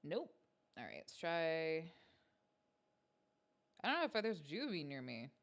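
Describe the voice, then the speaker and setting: A woman's voice: low-pitched, sing-song, slow pace. A woman hosting a livestream from home, chatting casually with her viewers in a playful, self-mocking way. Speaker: stream host.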